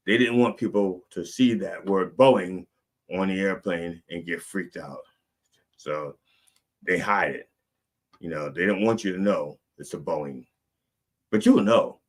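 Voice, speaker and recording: A middle-aged man, the show's comedic preacher host, telling a rambling, animated story and swinging between loud and soft. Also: low-pitched.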